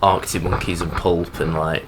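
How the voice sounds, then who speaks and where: A man's voice: sits low, little pitch movement, moderate pace, noisy background. A young man narrating his hike in a rambling, sardonic, sweary voice-over. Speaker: hiking vlogger.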